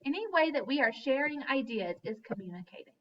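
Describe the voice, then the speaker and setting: A woman teacher giving a lesson to young children, speaking slowly and clearly and chanting in a sing-song voice. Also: sits high, expressive, distant mic, highs cut off, slight background noise. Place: classroom.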